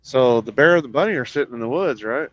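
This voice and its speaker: A man in casual banter, telling a rambling joke and slipping into quick voices for the people in it. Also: medium pitch, animated, a bit bright. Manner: rambling storyteller, does character voices in quotes. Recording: dull lo-fi sound.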